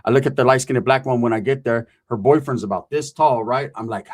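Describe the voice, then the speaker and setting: A man's voice: medium pitch, a little fast, few pauses. A man telling a profane comic story, acting out the people he quotes. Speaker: storyteller comedian.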